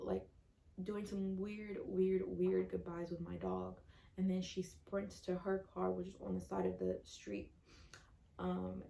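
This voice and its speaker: A woman's voice: mid-range voice, vocal fry, a little mellow, echoey room. A young woman vlogger recounting a personal story in earnest detail, with many fillers.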